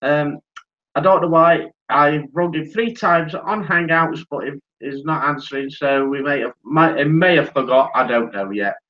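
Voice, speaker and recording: A man's voice: fairly high pitch, moderate pace, highs cut off. A man hosting a casual live stream, chatty and apologetic, greeting viewers by name, a few drinks in.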